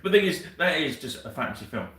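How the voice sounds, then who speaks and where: A man with a bright, forceful voice tells long, rambling stories in casual chat, swearing as he goes. He sounds a little far from the microphone, and the room gives his voice a noticeable echo. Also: mid-range voice, sing-song, fast talker. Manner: rambling storyteller, swears freely. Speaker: co-host of a wargaming livestream. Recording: roomy sound from a distant mic.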